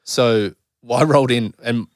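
A man's voice: mid-range voice, measured pace, dry recording, studio quality. A man in his thirties, a podcast guest telling his story candidly in a blunt, rambling way, swearing freely. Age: 30s.

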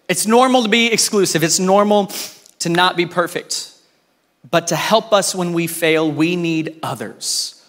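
A man preaching a sermon in a casual, conversational way, telling a story with lively voices for the people in it. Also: fairly high pitch. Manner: informal and conversational, with restarts. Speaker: pastor.

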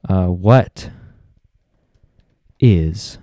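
A man's voice: low-pitched, very slow, warm tone, no room sound. A young man, hosting a casual podcast and ranting in an exasperated, sarcastic way. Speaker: podcast host.

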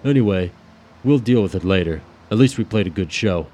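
A man's voice: low voice, lively intonation, a little fast, warm tone. A man voicing a stressed young drummer who rants irritably about his band. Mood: resigned. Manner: irritable, ranting.

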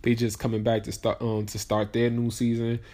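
A man's voice: medium pitch, monotone, moderate pace. A young man hosting a casual solo podcast, talking in a rambling, slangy way and sounding tired. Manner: rambling and slangy, with many restarts and shout-outs. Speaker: podcast host.

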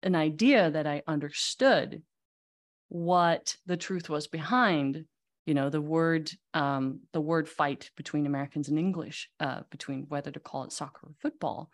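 A woman, a magazine CEO telling lively anecdotes as a podcast guest. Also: sits low, normal speed. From Netherlands. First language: Dutch. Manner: animated storyteller, lively anecdotes. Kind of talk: casual interview chat.

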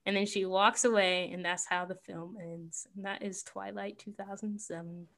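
A young woman co-hosting a podcast, recapping a film in animated casual chat with lots of filler words. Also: medium pitch, moderate pace. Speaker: podcast co-host.

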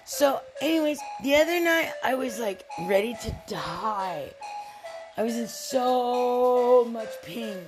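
A woman's voice: on the high side, expressive, slow pace, music in the background. A tipsy woman podcaster rambling candidly through a casual personal monologue and swearing freely.

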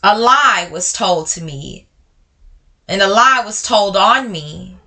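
A podcast host with a medium-pitched, expressive voice that sounds pushed and bright talks openly and emotionally with her listeners, calling them y'all. She's blunt and direct, swinging between slow and quick speech in this personal talk.

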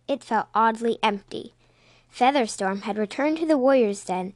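Woman reading a kids' cat story out loud, expressive, bit high-pitched. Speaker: reader. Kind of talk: storybook read-aloud.

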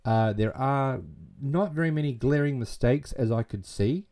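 A man's voice: mid-range voice, normal speed, dark tone. A man casually retelling a movie plot and reviewing it, rambling with plenty of fillers and restarts.

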